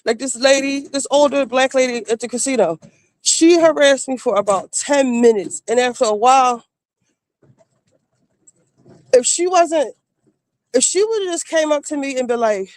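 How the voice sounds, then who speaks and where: A woman streamer telling casual stories in a blunt, animated way, acting out the people she quotes. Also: high-pitched, moderate pace, long pauses, dry recording. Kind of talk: casual storytelling.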